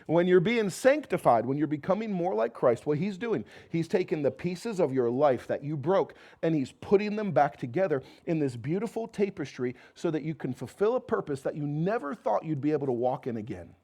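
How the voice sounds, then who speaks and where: A man preaching a sermon to his congregation with an American accent, swinging from loud emphatic calls to quiet, intimate passages and slipping in joking asides. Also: a little high, very animated, fairly quick, hardly any pauses. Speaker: pastor. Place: church sanctuary before a congregation.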